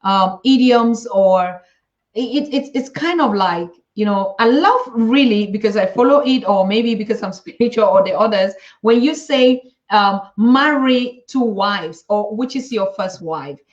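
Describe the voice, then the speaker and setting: A woman asking questions in a relaxed interview, often pausing and restarting as she looks for the right words. Her voice comes through dull and lo-fi, with echo from the room. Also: mid-range voice. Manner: halting, searching for words. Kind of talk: conversational interview. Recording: echoey, dull lo-fi sound.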